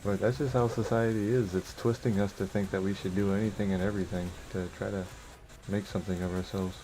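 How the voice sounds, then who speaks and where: Laid-back low-voiced man streaming a game. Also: level tone, brisk, warm tone, a little hiss or hum, poor audio. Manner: rambling and loose, with lots of "like" and "bro"; chuckles often while talking. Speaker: gaming streamer. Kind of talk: casual live-stream chat while playing.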